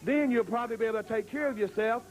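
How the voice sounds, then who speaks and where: A man cuts a wrestling promo, bragging about his experience and warning off a rival in a threatening tone. His voice sits very high for a man. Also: very fast, poor audio. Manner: boastful and threatening.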